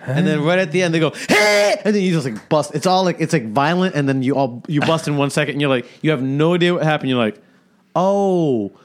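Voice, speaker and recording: A man's voice: a little high, fast talker, few pauses. A man co-hosting a comedy podcast, chatting casually and acting out scenes as he talks. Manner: animated, acts out scenes with voices. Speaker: podcast co-host.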